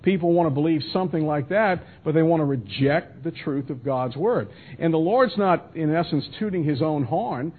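A man with a somewhat high, husky voice teaches through scripture verse by verse, talking it through conversationally and circling back on his own phrases. His delivery comes over a thin, phone-like radio signal. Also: moderate pace, few pauses. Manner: conversational, with many restarts and asides. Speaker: Bible teacher. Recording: tinny phone-line radio broadcast.

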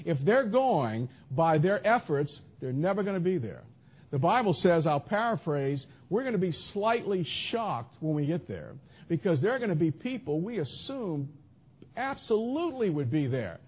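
A man's voice: high-pitched, sing-song, normal speed, slightly rough. A man preaching a sermon in an emphatic style, asking rhetorical questions and answering imagined objections. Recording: tinny phone-like audio.

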